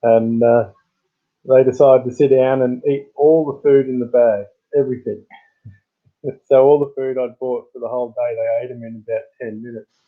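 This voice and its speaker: An Australian man hosting a live stream rambles through casual chat at a moderate pace with fairly even intonation, though he greets chat viewers with sudden high-pitched bursts. The sound is tinny, like a phone line.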